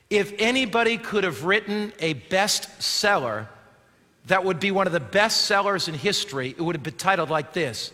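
High-voiced preacher with dramatic swings. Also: male voice, expressive, moderate pace. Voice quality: dramatic, swings from loud to hushed. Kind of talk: sermon. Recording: long hall reverb.

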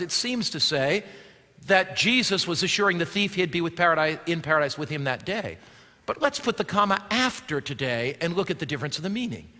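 High, bright-voiced preaching pastor, reverberant hall. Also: male voice, big pitch swings, normal speed. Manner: preaching, rising to forceful exclamations then dropping to quiet asides. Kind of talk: sermon.

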